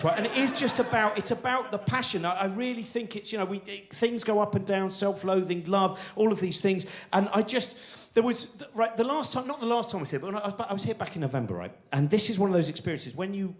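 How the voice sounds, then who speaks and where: A man's voice: high voice, creaky. Rambling comic in his forties. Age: 40s. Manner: rambling, self-deprecating, many restarts and asides. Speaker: stand-up comedian. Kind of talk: live stand-up storytelling. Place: large theatre stage.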